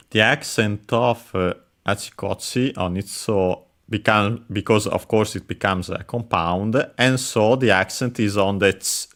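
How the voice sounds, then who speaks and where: A man teaching Japanese vocabulary while playing a game, explaining carefully in halting phrases full of pauses and fillers. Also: sits low, a bit bright. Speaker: language teacher.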